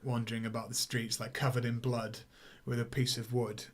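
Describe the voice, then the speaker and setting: A man's voice: medium pitch, level tone, normal speed. Rambling man reviewing films. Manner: rambling, many fillers, acts out quotes in silly voices. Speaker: podcast co-host. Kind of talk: casual film review chat.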